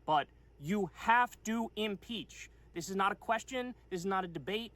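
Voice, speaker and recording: A man's voice: high-pitched, expressive, normal speed, fairly bright tone, no echo. A man delivering a political commentary video in an emphatic, insistent way.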